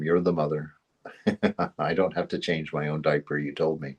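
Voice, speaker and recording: A man's voice: extremely low pitch, little pitch movement, normal speed, a little mellow, slightly rough. A man giving an informal spiritual teaching, rambling into anecdotes and chuckling often. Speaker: spiritual study group teacher.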